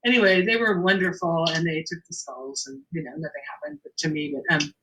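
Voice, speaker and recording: A middle-aged shop owner tells an anecdote in a casual interview, her fairly low, gravelly voice moving fairly quickly. An animated storyteller, she acts out the dialogue and laughs often. The recording is rough, with slight background noise.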